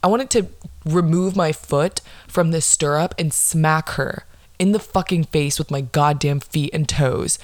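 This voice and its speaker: A young woman with a low-pitched voice tells a comic story on her podcast. She sounds blunt and exasperated, and she swears freely. The recording is close and dry. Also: measured pace, dry recording. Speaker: podcast host. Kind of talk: profane comedic storytelling monologue.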